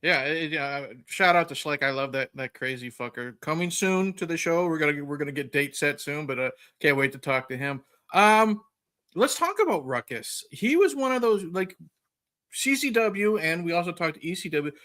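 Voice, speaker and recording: A man with a bright voice and a slightly raised pitch hosts a casual interview. He rambles in a chatty way, packing his talk with fillers. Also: lively intonation, moderate pace. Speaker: podcast host.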